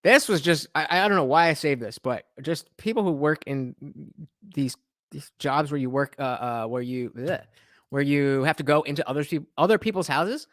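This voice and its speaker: A man hosting a live stream, commenting on clips in an animated, rambling way. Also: a little high, no echo. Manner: animated, reacts to clips with quick asides. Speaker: streamer host.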